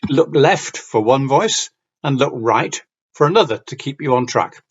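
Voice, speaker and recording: Man giving a measured talk on reading aloud. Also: mid-range voice, expressive, highs cut off. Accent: Yorkshire. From Yorkshire, northern England. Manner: measured, clear diction, storytelling lilt. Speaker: conference speaker on reading aloud. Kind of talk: lecture with read-aloud examples.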